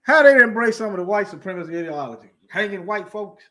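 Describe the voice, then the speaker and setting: Male online commentator, high bright voice, heated and preachy, repeats himself for emphasis. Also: lively intonation, quick pace. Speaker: commentator reading news. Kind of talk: heated commentary on news articles.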